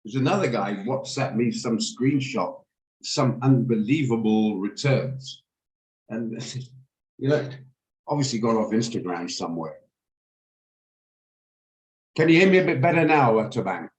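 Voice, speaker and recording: A man with a hoarse, gravelly voice teaching a live online trading lesson, explaining things patiently and often repeating or restarting words. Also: mid-range voice, animated, measured pace, long pauses. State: hoarse, gravelly voice while recovering. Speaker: trading instructor. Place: home room on a video call. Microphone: video call microphone. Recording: echoey room on a video call.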